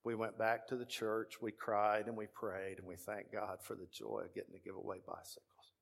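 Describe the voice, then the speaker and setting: A man's voice: on the low side, little pitch movement, moderate pace, vocal fry. A middle-aged man with a Texan accent, a pastor telling a story from the pulpit as a sermon, acting out the voices of the people in it.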